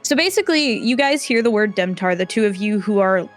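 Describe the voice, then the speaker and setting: A woman's voice: mid-range voice, expressive, a little fast, faint music behind. A woman narrating a tabletop game as game master, chatty and rambling, with many fillers.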